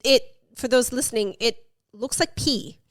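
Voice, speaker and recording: A woman co-hosting a chatty podcast, giggling and teasing her friend as she talks. Her voice sits a little on the high side. The sound is dry and close, with no room around it. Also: measured pace, no echo. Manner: giggly, playful teasing, trails off mid-sentence. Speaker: podcast co-host. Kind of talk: casual chat, wine tasting.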